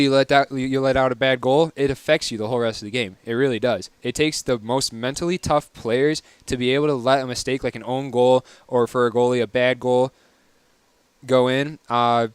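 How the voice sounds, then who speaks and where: Man, young adult, casual soccer recap, chatty, wry, clear resonant voice, mid pitch. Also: steady tone, moderate pace, dry recording. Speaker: podcast host.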